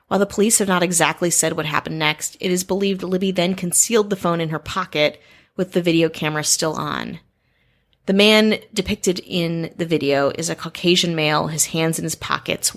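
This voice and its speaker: A woman tells a true crime story with earnest, steady care and pauses now and then to add her own side comments. Her voice sits low and has a gravelly rasp. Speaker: podcast co-host. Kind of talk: narrating a true crime case.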